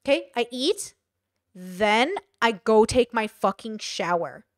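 A woman streamer telling a story in a profane, animated way during a live stream. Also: on the high side, slow, no room sound, clean studio sound. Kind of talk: casual live-stream monologue.

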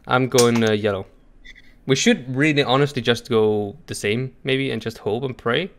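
A man chatting over a co-op game session, excitable, laughing often and cheering loudly. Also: mid-range voice, normal speed. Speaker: co-op gaming partner. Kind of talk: live gameplay chat.

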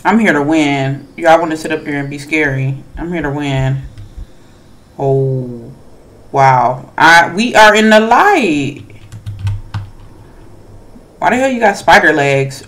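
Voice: medium pitch, unhurried. A gamer commentating a horror game, chatty and nervous, talking back to the characters on screen and to other players. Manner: nervous, hushed asides between excited outbursts. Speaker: gamer playing horror games. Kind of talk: let's play commentary.

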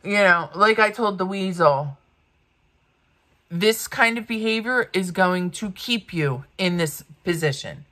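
A woman's voice: medium pitch, lively intonation, unhurried, bright, forceful tone. A woman in her fifties doing get-ready-with-me commentary, blunt and ranting, swearing freely. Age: 50s. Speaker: beauty vlogger.

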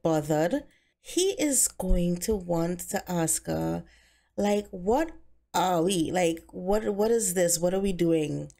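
A woman's voice: mid-range voice, mellow. A woman casually narrating her life-simulation gameplay in a chatty, conversational way, saying the characters' lines in her own voice. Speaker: Sims let's play narrator.

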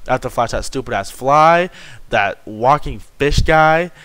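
Young male gamer, unhurried, lively pitch, easily spooked commentator. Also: clean tone, no room sound. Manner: jittery, swearing, yelps when startled. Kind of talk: horror game commentary.

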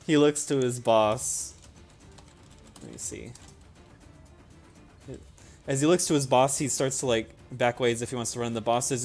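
Young man, game master, animated narration, laughing, casual swearing, tabletop game. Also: medium pitch, normal speed, pauses often, soft background music.

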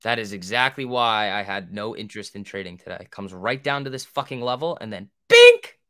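A man's voice: lowish voice, huge pitch swings, fairly quick, a bit bright. A young man hosting a trading livestream, answering viewer questions in a rambling, profane, joking way. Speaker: stock trading livestream host.

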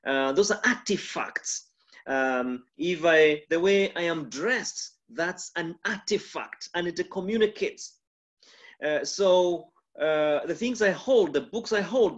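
A man with a Kenyan accent, a pastor giving a mentorship lecture on communication, demonstrative and full of pauses and shifts in volume. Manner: lively, demonstrative, shifts volume and pitch to illustrate.

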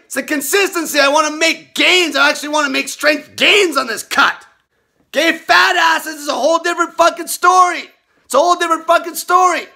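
Gravelly high-pitched man ranting profanely. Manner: profane, aggressive, shouting rants. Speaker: fitness vlogger. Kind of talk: ranting vlog monologue.

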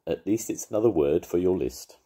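A grandad voicing a kind, tactful old friend. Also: male voice, deep voice, lively intonation, a little fast. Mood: kindly. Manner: patient, gently reassuring. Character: kindly older male shopkeeper friend, gentle and tactful.

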